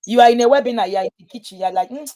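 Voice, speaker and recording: Woman coaching parents, lively. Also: fairly high pitch, rapid-fire. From Nigeria. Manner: lively storytelling, acting out quoted voices. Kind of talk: live webinar talk to parents.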